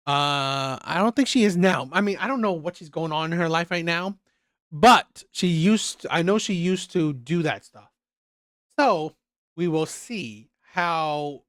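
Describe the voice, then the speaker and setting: A man's voice: high voice, no echo, clean studio sound. A man hosting a reaction channel, giving opinionated commentary in a rambling way, often restarting and repeating his phrases.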